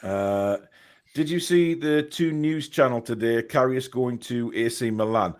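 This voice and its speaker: Male host, medium pitch, hesitant, full of ums, reads out chat comments on a call. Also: unhurried, a little mellow. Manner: hesitant, many fillers, reads comments aloud. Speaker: podcast host reading viewer comments. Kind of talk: casual football chat.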